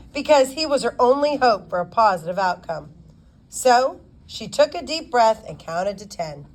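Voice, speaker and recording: A woman narrating a novel as an audiobook, with expressive storytelling. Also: mid-range voice. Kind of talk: scripted narration.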